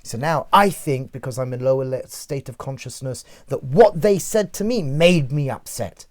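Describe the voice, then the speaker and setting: A rabbi with a strong English accent teaching in a podcast discussion, animated and acting out everyday scenes. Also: male voice, mid-range voice, normal speed. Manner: animated, acts out scenarios in character voices.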